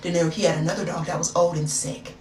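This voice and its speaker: A woman's voice: on the low side, little pitch movement, quick pace, darkish tone. A young woman vlogger telling a story in a casual, chatty way with sassy asides. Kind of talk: storytime vlog. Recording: echoey room, far from mic, noisy.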